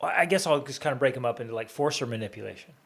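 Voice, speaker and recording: A man's voice: mid-range voice, lively intonation, racing, creaky, a bit bright, husky. A man who is a guest on a podcast, talking casually, laughing easily and telling stories with animation.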